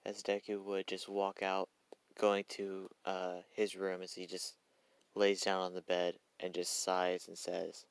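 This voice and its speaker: A young man narrates a fan story in a casual, rambling way, stopping to correct himself and swear. His voice is deep and gravelly. The recording is dry and close. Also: fairly even intonation, normal speed, no echo.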